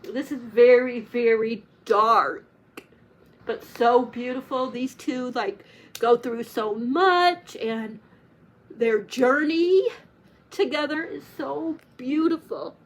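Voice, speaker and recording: A woman's voice: a little high, slow. A woman chatting casually to camera about her favorite books, gushing and emotional, close to tears, with lots of "like" fillers. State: tearful, near crying. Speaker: book reviewer. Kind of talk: casual book chat to camera.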